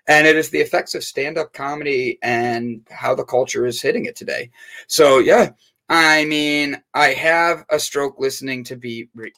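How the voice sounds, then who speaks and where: Upbeat, bright-voiced male livestream host. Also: a little high, creaky. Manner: upbeat, playful, jokey with chat. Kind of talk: casual live-stream chat.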